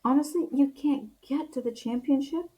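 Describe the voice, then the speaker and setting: A woman's voice: high-pitched, moderate pace, muffled recording. A woman, a leadership coach, talking as a guest in a casual interview, earnest and encouraging, with frequent fillers and restarts.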